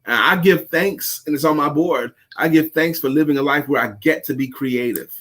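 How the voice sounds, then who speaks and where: A man's voice: fairly high pitch, moderate pace, a bit bright. A man co-hosting a live talk show, speaking casually and reflectively about reading and personal growth. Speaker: co-host, sales coach. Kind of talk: casual chat.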